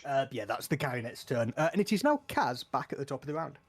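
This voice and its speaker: A man running a tabletop game as game master, playful and quick to laugh. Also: medium pitch, big pitch swings.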